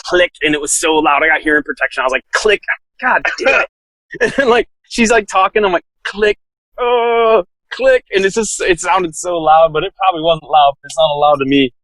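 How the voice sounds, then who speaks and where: A relaxed man with a drawl tells a long story the casual way, leaning on fillers and chuckling as he goes. His voice sits a bit high for a man. The sound is dry and close. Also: fast, hardly any pauses, dry recording, poor audio. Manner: laid-back, lots of "like" fillers, laughs while telling. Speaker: podcast guest, SWAT officer.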